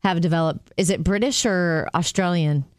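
A woman's voice: on the low side, normal speed, dry recording. A middle-aged woman co-hosts a talk show with an upbeat manner, chatting and reading short news teasers. The sound is close and dry. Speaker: radio show co-host. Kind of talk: casual chat.

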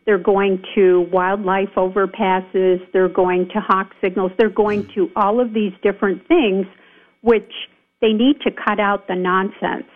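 Over the phone, a woman who serves as county supervisor is interviewed on a radio call-in. Her mid-range voice stays fairly even and unhurried, while her words come out emphatic and indignant, peppered with fillers.

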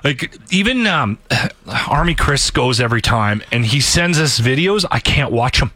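Bright-voiced radio host man. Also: mid-range voice, unhurried. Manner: emphatic, animated, frequent restarts. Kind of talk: casual on-air banter.

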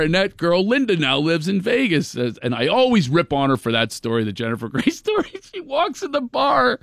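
A man's voice: high-pitched, huge pitch swings, a little fast, vocal fry, hardly any pauses, a bit bright, no echo, studio quality. A man with a Philadelphia accent, a comedian telling a story on a radio show and acting out other people's voices. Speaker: comedian guest.

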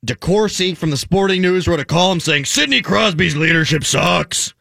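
A man hosting a casual sports talk show, animated and joking with his co-hosts. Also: sits high, moderate pace, vocal fry, few pauses, dry recording, studio quality. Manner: animated, jokey, mock impressions. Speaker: sports talk radio host.

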